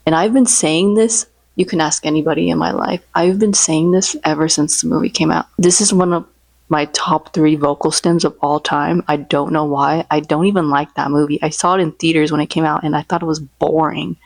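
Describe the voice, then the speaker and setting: A woman's voice: low-pitched, steady tone, brisk, gravelly, no room sound. A woman vlogging in a casual, rambling, chatty way, joking about her favorite memes and impressions. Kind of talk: casual chat.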